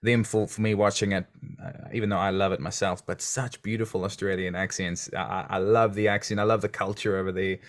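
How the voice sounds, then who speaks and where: A man's voice: lowish voice, flat delivery, a little fast. A man, hosting an interview podcast with an effusive manner. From New Zealand. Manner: enthusiastic, effusive. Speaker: podcast host. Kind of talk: casual interview chat.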